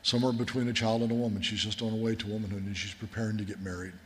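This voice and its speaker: A man's voice: on the low side, little pitch movement, racing, fairly bright tone, slight background noise. A man, a military chaplain, preaching a sermon in an earnest, folksy storytelling manner. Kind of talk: sermon with war stories. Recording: long hall reverb.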